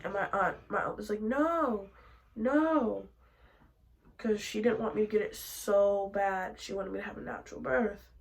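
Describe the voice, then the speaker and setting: A young woman vlogger telling a personal story in casual chat, animated, dropping to hushed asides and then bursting out loud. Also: medium pitch, a little fast, few pauses, rough recording.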